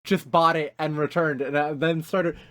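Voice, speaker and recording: A man's voice: on the high side, steady tone, moderate pace, a bit bright. A man co-hosting a casual podcast, rambling with many restarts and frequent swearing. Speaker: podcast co-host. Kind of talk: casual chat.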